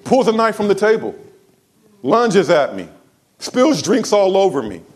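A man pastor preaching a sermon to his church, telling a story and swinging from quiet, low asides to loud, raised exclamations. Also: sing-song, unhurried.

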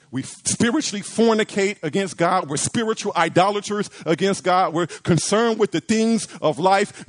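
A man preaching a sermon, asking rhetorical questions, repeating phrases and acting out quoted pleas. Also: high voice.

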